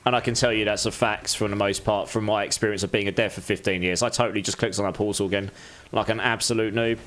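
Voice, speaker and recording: A man's voice: on the low side, steady tone, quick pace, fairly bright tone. A man chatting casually on a live game stream, thanking viewers and speaking candidly.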